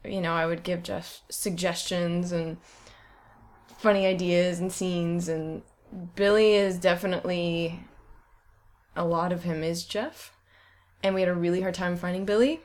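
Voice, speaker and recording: A woman talks casually in an interview, warm with laughter. She is chatty and quick to giggle. She sounds easygoing and unrehearsed. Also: fairly low pitch, fairly even intonation. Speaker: filmmaker interviewee.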